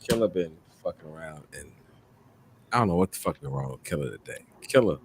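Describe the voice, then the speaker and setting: A man with a low, heavy voice hosts a casual chat show. He tells his stories in a loose, profane and animated way. It sounds like relaxed talk among friends. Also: fairly quick, creaky, slight background noise. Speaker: host.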